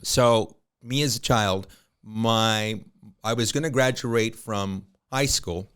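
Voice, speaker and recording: Lively storytelling man in his fifties. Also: lowish voice, slow, clean tone. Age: 50s. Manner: lively anecdotal storyteller, colloquial, with frequent fillers. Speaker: podcast guest, realtor. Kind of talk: storytelling in a podcast interview.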